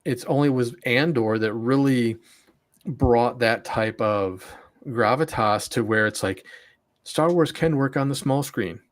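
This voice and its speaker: A man's voice: mid-range voice, a little slow. A man co-hosting a podcast, giving opinions in casual chat and often restarting his sentences. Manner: opinionated, repeats words when starting. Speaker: podcast co-host.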